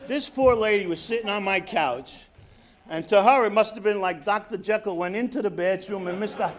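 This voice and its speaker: A middle-aged man from New York telling his own recovery story at a convention, acting out quotes and dropping quiet for emphasis. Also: high voice, moderate pace, slight background noise. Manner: storytelling with acted quotes, drops to quiet emphasis, laughs at himself. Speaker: recovery speaker. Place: convention hall stage.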